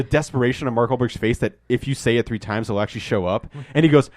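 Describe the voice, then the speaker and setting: A man's voice: medium pitch, fast talker, darkish tone, dry recording, clean studio sound. A man casually chatting as a podcast co-host, rambling with lots of ums and acting out movie lines. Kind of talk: casual chat, movie review.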